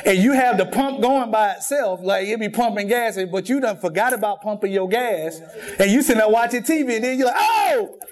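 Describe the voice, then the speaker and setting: A man preaches a sermon in a church sanctuary, talking a little fast in a high-pitched voice. He tells jokes and stories with lively energy, repeating things often.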